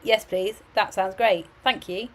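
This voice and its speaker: A woman's voice: medium pitch, fairly even intonation, a little slow, fairly bright tone, natural voice. A woman voicing an eager young student calling a university, with short, keen replies.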